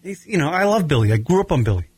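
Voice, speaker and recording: A man's voice: a little high, racing, slightly rough, dry recording. Profane rambling male radio host. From Long Island, New York. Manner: profane, rambling, animated storytelling. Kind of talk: casual comedy radio chat.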